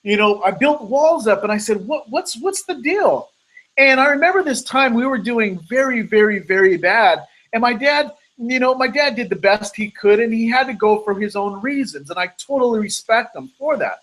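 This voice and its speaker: A motivational speaker telling a personal story in an earnest storytelling manner, acting out the quoted lines, over an online video call. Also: male voice, very high-pitched, animated, moderate pace, hardly any pauses, a bit bright, low-quality recording.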